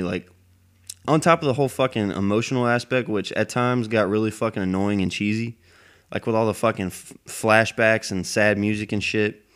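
A man's voice: fairly low pitch, clean tone. A man rambling in a casual monologue, cursing heavily as he goes. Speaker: anime fan vlogger.

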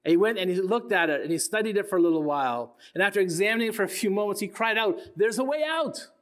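A man's voice: high voice, lively intonation, racing, fairly bright tone. A man in his sixties preaching a sermon to a congregation, earnest, often repeating his key phrases and asking the room questions. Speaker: pastor.

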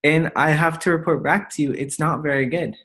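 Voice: medium pitch, steady tone, brisk, fairly bright tone. A young adult podcast co-host chatting casually and telling rambling stories in an easygoing way. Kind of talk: casual chat and storytelling.

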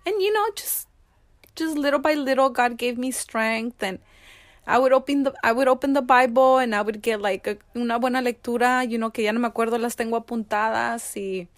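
A woman's voice: a little high, brisk, dry recording. Emotional bilingual woman. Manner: emotional, switches between English and Spanish. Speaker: guest. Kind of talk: personal interview conversation.

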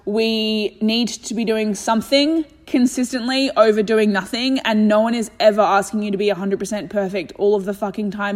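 A woman's voice: medium pitch, steady tone, normal speed, in a large hall. A young Australian woman hosting a solo self-help podcast, talking bluntly and motivationally and swearing freely. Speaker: podcast host.

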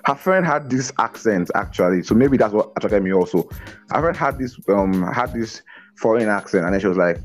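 Energetic man talking on a call. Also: fairly low pitch, a little fast, faint music behind. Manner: energetic, repeats words, laughs often. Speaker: guest on a business podcast. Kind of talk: casual interview talk. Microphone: video call.

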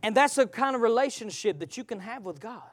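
High-voiced preacher man in an impassioned sermon. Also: expressive, brisk. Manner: impassioned, swings from loud to hushed, asks the congregation questions. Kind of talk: live sermon with call-and-response.

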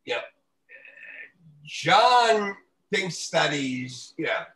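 A man's voice: on the high side, very animated, drawn-out words, pushed and bright. A man ranting profanely in a casual podcast chat. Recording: roomy echo.

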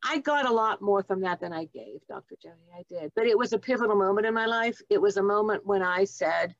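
A woman's voice: medium pitch, brisk, dry recording. A woman in her seventies speaks as an interview guest, sharing her memories in a heartfelt and reflective way. The sound is close and dry, and a little dull and muffled. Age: 70s. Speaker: guest, nurse and author. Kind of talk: storytelling interview.

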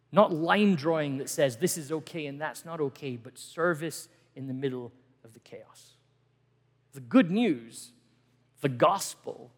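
A middle-aged male pastor giving an earnest sermon, moving between emphatic lines and hushed ones. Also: a little high. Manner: earnest, dynamic preaching that swings from emphatic to hushed. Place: church hall. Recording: reverberant church hall.

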